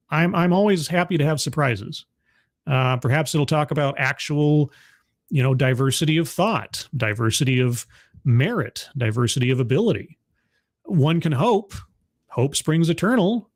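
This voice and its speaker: A man's voice: fairly high pitch, expressive, moderate pace, no room sound, studio quality. A man hosting a casual livestream, greeting his chat one by one and rambling with many fillers. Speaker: livestream host.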